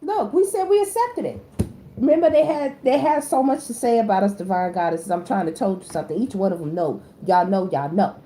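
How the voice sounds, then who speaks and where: A woman giving a casual tarot reading. She talks to her viewers directly in slangy speech, jumping from loud exclamations to low muttered asides. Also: fairly quick, hardly any pauses. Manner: slangy, addresses the audience directly. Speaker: tarot reader. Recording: echoey room with faint background noise.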